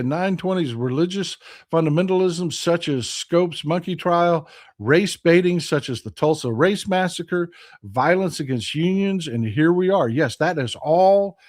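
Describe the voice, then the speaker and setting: A man's voice: a little high, a little mellow. A fifty-year-old man with a Texan accent, hosting a casual live stream and reading viewer comments aloud, often restarting his phrases. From Texas. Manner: reads chat aloud, greets viewers by name, self-correcting restarts.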